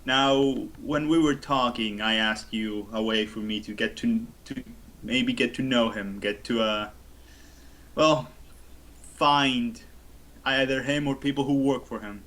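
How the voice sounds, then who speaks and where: A man playing a male street runner who questions a captive in a calm, pressing and smooth-talking way. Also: medium pitch, measured pace, natural voice.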